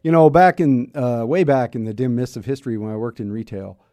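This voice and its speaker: Chatty middle-aged radio host, mellow voice. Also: male voice, mid-range voice, brisk, no echo, clean studio sound. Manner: chatty, self-mocking, rambling with restarts. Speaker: radio talk show host. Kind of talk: casual radio talk. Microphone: studio mic.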